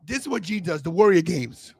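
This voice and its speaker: In a sing-song, slightly fast delivery, a male podcaster rambles through a story, looping back and starting sentences over. His slightly high voice has a warm tone with some gravel, and the sound is close and dry.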